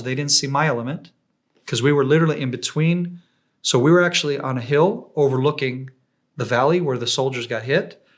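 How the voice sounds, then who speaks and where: Man telling war stories. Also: mid-range voice. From Israel. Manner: animated, acts out quoted voices. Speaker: guest. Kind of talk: casual war storytelling.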